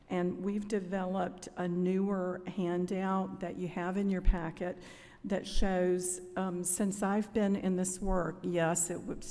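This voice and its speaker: A middle-aged woman giving formal budget testimony to lawmakers as a cancer network representative, measured and polite, with frequent "um" pauses. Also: lowish voice, mellow. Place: legislative hearing room. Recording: hearing room with long reverb.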